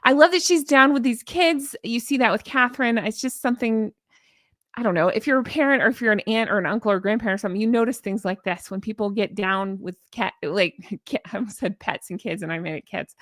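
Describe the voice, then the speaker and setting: A woman's voice: on the high side, a little fast, a bit bright, no room sound, clean studio sound. A woman hosting a casual live-stream commentary, chatty and gushing as she reads viewer comments aloud. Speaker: YouTube commentary host.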